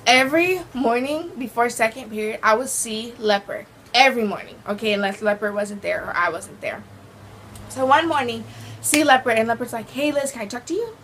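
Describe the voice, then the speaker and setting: Animated teen girl telling a story. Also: fairly high pitch, normal speed, slight background noise, rough recording. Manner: animated, dramatic retelling with quoted voices. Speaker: vlogger. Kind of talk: casual storytime vlog.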